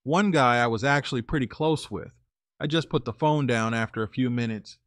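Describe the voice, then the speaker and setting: A man reading a first-person story aloud in a steady, confessional way. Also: mid-range voice, a little fast, no echo, clean studio sound. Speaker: story narrator.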